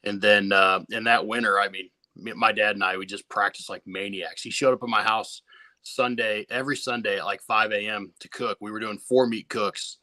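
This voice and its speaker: A man's voice: lowish voice, steady tone, moderate pace, pushed and bright, dry recording. A man who competes in barbecue, telling his story to a podcast host in a laid-back way, swearing freely and often restarting his sentences. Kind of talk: casual storytelling interview.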